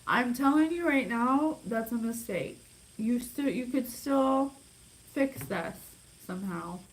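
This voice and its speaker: A woman's voice: on the high side, expressive, slow, a little hiss or hum, poor audio. Worked-up woman giving a psychic reading. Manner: intense, emphatic, worked up. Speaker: psychic reader. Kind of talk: channeled reading monologue.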